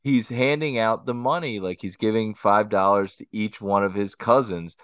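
A man co-hosting a podcast who tells family anecdotes in a casual, animated way. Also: fairly low pitch, moderate pace, clean tone, no room sound. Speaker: podcast co-host. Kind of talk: casual storytelling chat.

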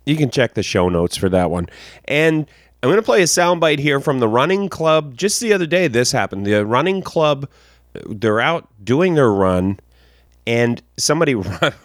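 A man's voice: mid-range voice, very animated, moderate pace, no room sound, studio quality. A man hosting a podcast in a casual, joking style with rambling asides. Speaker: podcast host.

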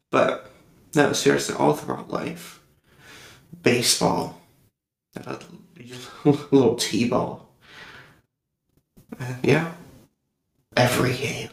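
Gravelly, emotional young man. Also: mid-range voice, steady tone. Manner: emotional, halting, with pauses and restarts. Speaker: podcast host. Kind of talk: heartfelt personal monologue. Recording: roomy echo.

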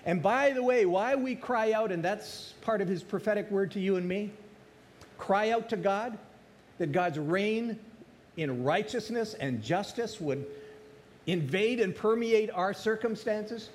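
A man with a high voice preaching to his congregation. He repeats his key phrases and drives them home with rising force. He slows down on the words he wants to land. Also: lively intonation. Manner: preaching with rising emphasis and repetition. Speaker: pastor. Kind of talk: sermon.

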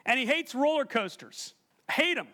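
A man gives a sermon in a church hall, his voice sitting high for a man. He tells a personal story with animated energy and keeps turning to the congregation with questions. He speaks into a stage microphone. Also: normal speed. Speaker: pastor.

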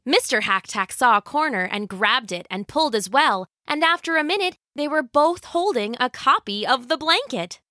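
A woman narrating a folk tale as a storyteller, slow and expressive. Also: fairly high pitch, no echo, clean studio sound.

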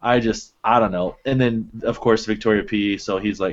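A man's voice: on the low side, moderate pace, highs cut off. Profane, ranting young podcast guy. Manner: animated, profane ranting with mimicking quotes. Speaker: podcast co-host. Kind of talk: casual chat.

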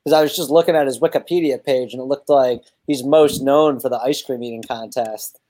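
A man's voice: medium pitch, steady tone, brisk, warm tone. A man co-hosting a podcast over a remote call, chatty and thinking aloud in casual conversation. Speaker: podcast co-host. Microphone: remote call audio.

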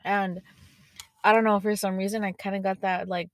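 A woman's voice: mid-range voice, moderate pace, a little hiss or hum. Young woman swearing through casual stories. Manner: swears a lot, animated storytelling. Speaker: podcast host. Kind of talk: casual chat.

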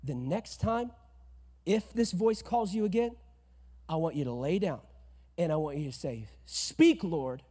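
A man voicing an old male priest who calmly tells a boy what to say. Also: a little high, unhurried, slightly rough, big-room sound. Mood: hushed. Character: old male priest giving calm instruction.

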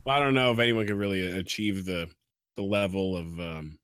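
A man's voice: sits low, fairly even intonation, brisk, fairly bright tone, no room sound, studio quality. A man co-hosting a casual chat, talking bluntly and swearing freely. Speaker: podcast co-host.

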